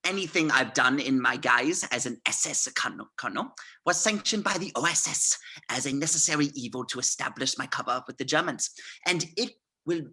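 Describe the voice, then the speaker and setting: A script reader voicing a cunning, smooth-talking male SS colonel in a theatrical, mock-polite way, swinging between hushed and loud. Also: mid-range voice, animated, fairly quick. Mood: demanding. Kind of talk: amateur script reading.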